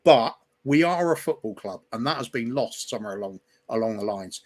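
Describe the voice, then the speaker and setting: A man co-hosting a live football fan show, giving measured, opinionated analysis. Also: mid-range voice, expressive. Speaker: co-host. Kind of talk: casual fan chat.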